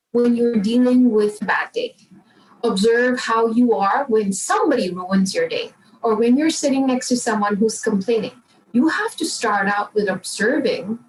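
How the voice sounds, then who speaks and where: A woman emotional intelligence coach answering interview questions in a calm, encouraging way and repeating affirmations. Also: a little high. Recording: roomy, distant mic, faint background noise.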